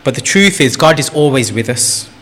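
A man's voice: medium pitch, animated, normal speed, a bit bright. A man preaching a sermon in an earnest way, repeating phrases for emphasis and lifting his voice on key points.

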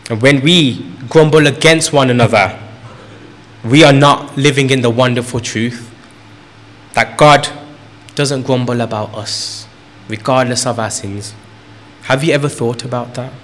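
A man's voice: mid-range voice, unhurried, pauses often, a bit bright. A man preaching a sermon in an earnest way, repeating phrases for emphasis and lifting his voice on key points.

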